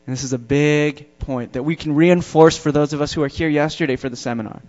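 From the pulpit, this pastor addresses the congregation briskly, his darkish voice pitched a bit high for a man. He emphasizes important words by drawing them out, and the audio has a muffled, lo-fi quality.

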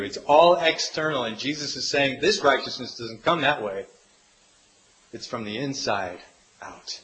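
Pastor, male, bright forceful voice, earnest sermon delivery, faint hiss on the recording. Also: mid-range voice, a little slow, low-quality recording. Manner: earnest, rises and falls from hushed to emphatic.

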